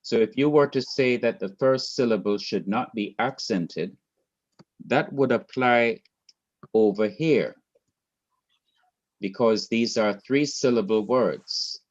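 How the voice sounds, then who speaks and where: A man's voice: mid-range voice, slow pace, long pauses, lo-fi sound. A man from Jamaica teaching a Hebrew class online, explaining patiently and repeating his points.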